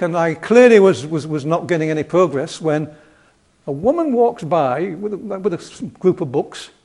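A man's voice: high voice, a little mellow. A man with a Yorkshire accent giving a casual lecture over slides, rambling and chatty with self-deprecating humor.

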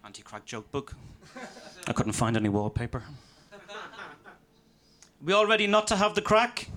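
A man performing a live stand-up set of deadpan one-liners in a comedy venue. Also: a little high, normal speed.

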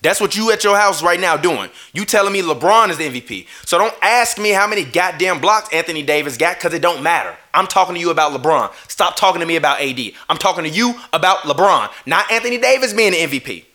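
A man's voice: sits high, lively intonation, fast, hardly any pauses, bright, forceful tone. A man ranting on a live stream, heated and swearing, often breaking off to apologize. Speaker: streamer ranting about basketball.

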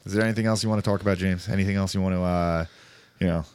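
A man banters on a podcast, cursing and teasing his co-host. His voice sits low and the sound is dry and close. He talks loosely, like he is chatting with a friend. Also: fairly even intonation, rapid-fire, smooth, no room sound. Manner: profane, jokey, bursts into loud mock voices. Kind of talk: casual banter.

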